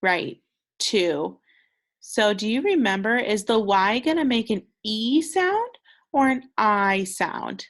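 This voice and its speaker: A woman's voice: medium pitch, lively intonation, slow pace, fairly bright tone. A young woman teaching second graders a recorded phonics lesson, patient and encouraging, sounding out words with care.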